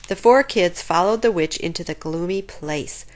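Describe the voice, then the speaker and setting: A woman reading a children's chapter book aloud in an expressive, lively way. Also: fairly low pitch, moderate pace, a little hiss or hum. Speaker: storyteller.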